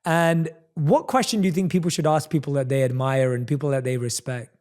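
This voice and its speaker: Upbeat man, podcast host, slightly high voice. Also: fairly even intonation, fairly quick, darkish tone. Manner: enthusiastic, affirming. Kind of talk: conversational interview.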